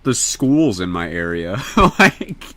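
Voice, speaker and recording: A young man from Indiana, chatting casually to viewers on a livestream in an excitable, slangy, profane way. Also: sits low, slow.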